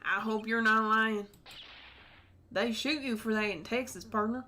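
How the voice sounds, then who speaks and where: A woman's voice: fairly high pitch, steady tone, measured pace, sharp tone, a little hiss or hum. Woman reading as a folksy male Texas cop. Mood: warning.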